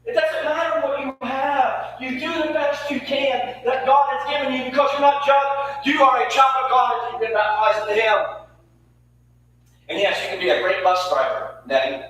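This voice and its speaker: A man preaching a lively sermon in a small church, emphatic, repeating words and asking the congregation questions. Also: very high voice, normal speed. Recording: echoey room, mic far off, faint hum.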